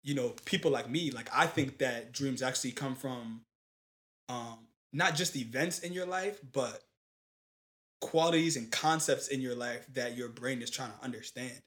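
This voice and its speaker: A young man in casual chat, telling a long story in animated, slangy talk with lots of fillers. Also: medium pitch, moderate pace.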